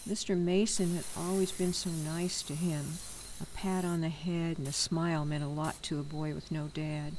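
A woman narrating a story in a calm, measured reading voice. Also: deep voice, slight background noise, rough recording.

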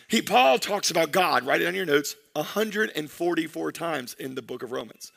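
Bright, gravelly-voiced preaching man. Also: fairly high pitch, moderate pace, few pauses. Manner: energetic preaching, calls out to the congregation. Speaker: pastor. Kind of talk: sermon.

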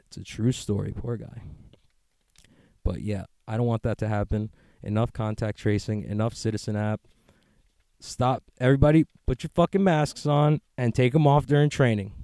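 A man's voice: mid-range voice, mellow, no echo. Guy riffing on his own show, swears a lot, jokey and all over the place, dry close sound. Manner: profane, joking, rambling. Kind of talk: casual rambling monologue.

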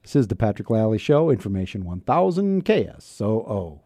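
A man's voice: fairly low pitch, brisk, no echo. A man hosting a radio talk show, chatting and joking with a guest in the studio and reading station promos. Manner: animated, chatty and joking, with an upbeat announcer delivery on promos. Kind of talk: casual radio banter. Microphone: studio microphone.

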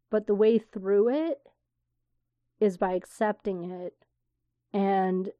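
A woman's voice: medium pitch, no echo. Candid woman podcaster, dry dull sound. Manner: candid and animated, swearing, rambling asides. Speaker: podcast host. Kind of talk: casual solo podcast talk.

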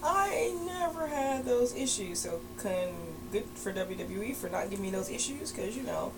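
A woman's voice: fairly high pitch, expressive, moderate pace, background noise. A woman co-hosting a casual wrestling podcast, making blunt, teasing quips. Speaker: podcast co-host.

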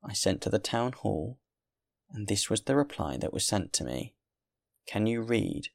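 A wary male innkeeper who refuses a guest in a measured but firm tone. A man plays him in a storybook reading, his voice deep and gravelly. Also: very animated, dry recording, studio quality, heavily acted. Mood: stern.

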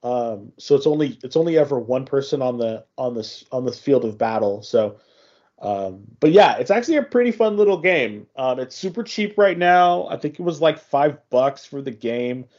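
A man's voice: medium pitch, lively intonation, darkish tone. Rambling male podcast host, dull audio. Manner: rambling, many restarts, acts out game dialogue in quick voices. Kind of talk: casual podcast chat.

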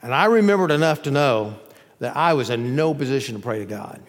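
A male pastor preaching a sermon, swelling into loud cries and dropping to a hushed voice. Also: expressive, a little fast. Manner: drops to a hushed, low voice at tender moments. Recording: long reverb of a large hall.

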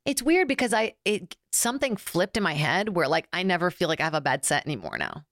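A woman's voice: lowish voice, big pitch swings, fairly quick, fairly bright tone. A young woman guest comedian chatting casually, telling stories animatedly with lots of fillers and acted-out quotes. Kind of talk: casual chat.

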